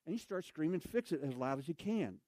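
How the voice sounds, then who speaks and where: A man preaching from the pulpit, moving from conversational storytelling to loud emphatic bursts. His voice sits a little high for a man. The sound is dry and close, with little room echo. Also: fairly quick. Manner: animated storytelling, acts out voices, shouts for emphasis. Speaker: pastor. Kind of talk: sermon. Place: church sanctuary.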